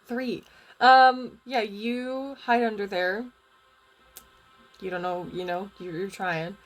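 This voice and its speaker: A young woman game master narrating a tabletop game in a casual, halting way. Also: medium pitch, level tone, soft background music.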